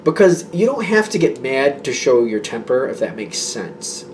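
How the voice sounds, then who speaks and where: A man's voice: medium pitch, very animated, moderate pace, darkish tone, far from the mic, a little hiss or hum. A man giving a casual tarot reading to his viewers, rambling and reassuring, with many fillers and restarts. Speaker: tarot reader.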